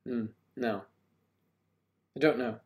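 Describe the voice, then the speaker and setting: A man's voice: mid-range voice, fairly even intonation, slow, a little mellow. Older man rambling through a live chat. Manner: rambling and joking, with frequent throat clearing. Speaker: host of a livestream. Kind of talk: casual live chat reading viewer comments.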